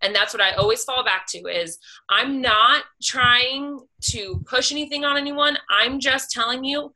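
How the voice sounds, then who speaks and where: Woman, team leader on a coaching call; very bright tone, steady and encouraging. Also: sits high, measured pace, rough recording. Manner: steady, encouraging, with "you know" and "um" fillers.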